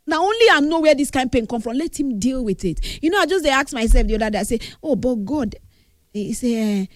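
A woman's voice: sits high, animated, fast, no room sound, clean studio sound. A grieving woman with a Nigerian accent gives an earnest tribute, mixing English with Pidgin. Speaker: grieving friend giving a tribute. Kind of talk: emotional spoken tribute.

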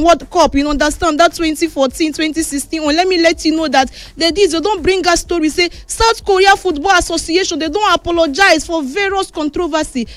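A high-pitched Nigerian woman runs through the day's football stories in a relaxed, chatty way. She moves easily between Pidgin and English and keeps her delivery lively. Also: dry recording. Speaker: sports news host. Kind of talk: casual sports news roundup.

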